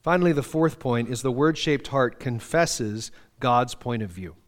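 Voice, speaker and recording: A man's voice: medium pitch, measured pace. A middle-aged man preaching a sermon, earnest and conversational, reading scripture aloud with feeling. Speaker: pastor.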